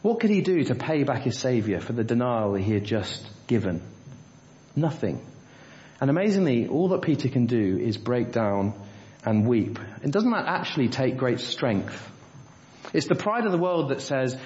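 A man's voice: medium pitch, very animated, normal speed, darkish tone. A man preaching a sermon, telling a story and then asking the congregation rhetorical questions. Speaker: pastor. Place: church. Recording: roomy, dull church recording.

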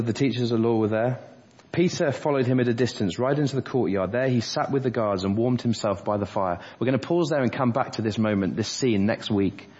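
A man delivering a sermon, his voice husky and a little breathy. He talks earnestly through the passage verse by verse. The sound is dull and lo-fi, with a long reverb from the church hall. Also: mid-range voice, darkish tone. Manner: earnest expository preaching, quoting scripture verse by verse. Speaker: preacher.

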